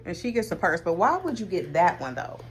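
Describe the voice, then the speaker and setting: A woman's voice: fairly low pitch, very animated, brisk. A woman from Ohio vlogging outdoors in her city, chatting playfully and dramatically, calling her viewers honey. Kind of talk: casual vlog chat.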